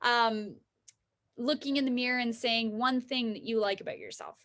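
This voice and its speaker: A woman's voice: on the high side, a little fast, fairly bright tone. A woman giving a casual self-help talk about self-love, speaking conversationally and often checking in with "right?" and "you know?". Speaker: wellness teacher.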